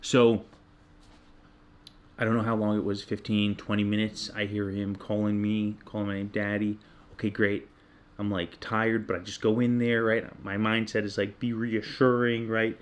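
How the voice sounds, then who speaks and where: A man in his thirties telling a personal story in casual chat, candid and self-deprecating, getting animated when he retells his own yelling. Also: lowish voice, normal speed. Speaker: podcast co-host.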